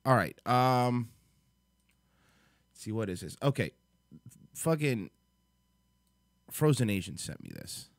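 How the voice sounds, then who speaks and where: A man's voice: medium pitch, big pitch swings, slow, long pauses, no room sound, clean studio sound. Chatty guy hosting a livestream, voice bouncing up and down, rambly. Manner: rambling, chatty, thinks aloud. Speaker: host. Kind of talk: casual livestream commentary.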